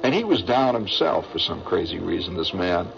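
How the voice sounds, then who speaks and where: Older man from Indiana, low and animated, rambling storyteller, dull lo-fi radio recording. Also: normal speed, creaky, music in the background. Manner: rambling, hesitant, with restarts. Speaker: veteran recounting a memory. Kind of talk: personal storytelling.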